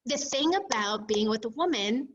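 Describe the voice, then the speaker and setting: Middle-aged woman, casual storytelling vlog, profane, animated, fairly high voice. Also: normal speed, breathy edge, dull audio. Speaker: vlogger.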